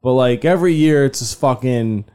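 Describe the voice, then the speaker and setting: A man's voice: mid-range voice, normal speed, darkish tone, smooth. A man co-hosting a sports podcast, talking casually and loosely, swearing often and laughing. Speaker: podcast co-host.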